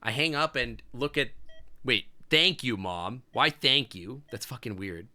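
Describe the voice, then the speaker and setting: A man's voice: mid-range voice, a little slow, pushed and bright. A man streaming a game, reading its story aloud and reacting with crude, outspoken jokes. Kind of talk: reading a visual novel aloud with live reactions.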